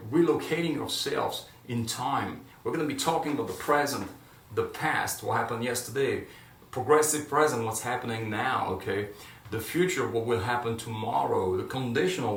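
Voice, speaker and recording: A man teaching a grammar lesson in a classroom, explaining step by step and checking in often with "right?" and "okay?". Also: medium pitch. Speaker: Spanish teacher. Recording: echoey room, mic at a distance.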